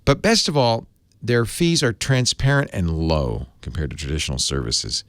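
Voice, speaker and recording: A man's voice: low-pitched, moderate pace, fairly bright tone, no echo. A middle-aged man hosting a tech talk show, reading an ad in a chatty way with personal asides. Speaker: podcast host reading an ad. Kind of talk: conversational live ad read.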